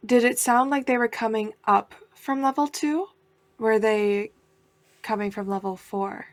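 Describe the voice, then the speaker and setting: A woman's voice: fairly high pitch, measured pace. A woman playing a tabletop game, thinking aloud as she plans her character's moves. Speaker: player.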